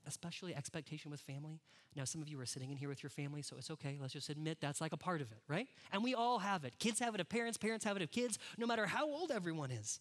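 A man's voice: a little high, expressive, rapid-fire. Fields: Sex: man. Role: pastor. Style: conversational sermon. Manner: conversational, addresses the congregation directly.

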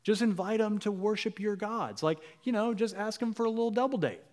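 A pastor playing a greedy, scheming male prophet who coaxes someone in a sneaky, hushed way. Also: sits high, fairly quick, voice pushed up, close to an everyday voice. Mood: sly coaxing. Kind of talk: sermon storytelling.

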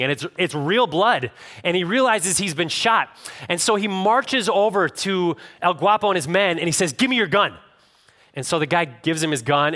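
A male pastor preaching to a congregation with a bright, forceful voice pitched a little high. He tells stories animatedly, dropping low and quiet, then rising up again. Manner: animated storytelling with wide swings in pitch and loudness. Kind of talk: sermon. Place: church room with a live congregation.

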